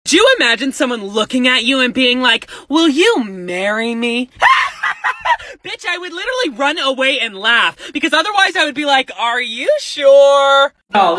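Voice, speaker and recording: Young sassy vlogger, high lively voice, profane comic rants with loud dramatic outbursts. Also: male voice. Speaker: TikTok creator. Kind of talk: comedic rants to camera.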